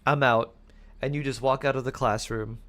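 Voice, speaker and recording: A man's voice: mid-range voice, fairly even intonation, a little fast. A man streaming live, improvising playful fortune-telling stories and laughing often.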